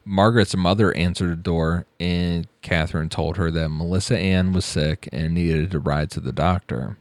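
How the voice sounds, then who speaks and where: Very deep-voiced man narrating true crime. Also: steady tone, normal speed, dry recording. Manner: reads the case, then breaks into blunt, profane asides. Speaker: podcast host narrating a true crime case.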